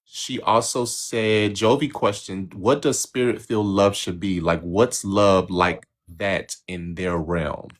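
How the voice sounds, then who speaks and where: A man with a lowish voice chats casually on a live stream, co-hosting a spiritual reading session. He sounds agreeable and reflective, wandering through his thoughts with small restarts. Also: fairly even intonation, takes it slowly, hardly any pauses.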